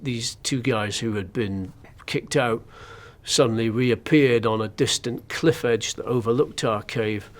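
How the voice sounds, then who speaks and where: A man's voice: medium pitch, measured pace. A man, a journalist, recounting his captivity in an interview in an understated, wry and hesitant way. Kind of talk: first-person interview account.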